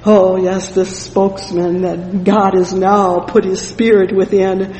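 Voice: mid-range voice, flat delivery, takes it slowly, dark tone, slight background noise. A preacher delivering a fervent sermon, reading scripture and often exclaiming praise between loose, conversational asides. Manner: fervent, punctuated with "praise the Lord"; frequent "you know" fillers and restarts. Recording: echoey hall with long reverb.

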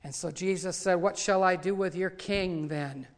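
Dramatic preacher in a reverberant hall. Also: male voice, high voice, moderate pace. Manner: dramatic retelling, voices quoted lines louder. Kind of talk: sermon.

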